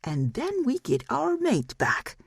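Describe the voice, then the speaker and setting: A woman's voice: extremely low pitch, lively intonation, normal speed, creaky, a little mellow, husky, dry recording, studio quality, exaggerated voice. A woman voicing a brutish, vengeful young male wolf shifter in an audiobook. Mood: menacing.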